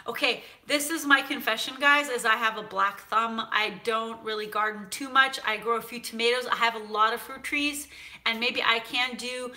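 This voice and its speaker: Lady hosting a cooking live chat, reads comments, chatty with lots of ums, really sharp bright tone. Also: on the high side, normal speed. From United States (San Francisco). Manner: chatty and animated, with many fillers. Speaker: cooking show host. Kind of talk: casual live chat reading viewer comments.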